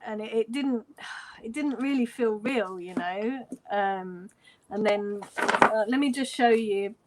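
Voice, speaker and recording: A woman's voice: on the high side, takes it slowly, slight background noise. An English woman in her forties, a fan, telling a story in a casual way on a video call, quoting dialogue and laughing often. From London, England. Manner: animated retelling with quoted dialogue and frequent laughter. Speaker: fan guest sharing a story.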